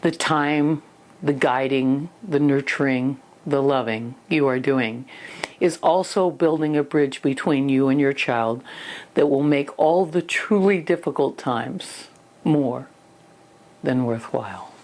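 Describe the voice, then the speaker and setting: A woman's voice: very deep voice, slow, a little mellow. An older woman giving a parenting lesson, telling personal stories earnestly and acting out little scenes. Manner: earnest storytelling, acts out scenes. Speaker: parenting teacher.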